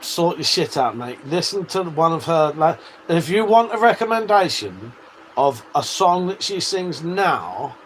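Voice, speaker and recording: A man's voice: fairly high pitch, a little hiss or hum, rough recording. A man hosting a livestream, reading out viewer comments, swearing freely and laughing often. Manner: swears a lot, laughs often, banters with chat. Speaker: livestream host.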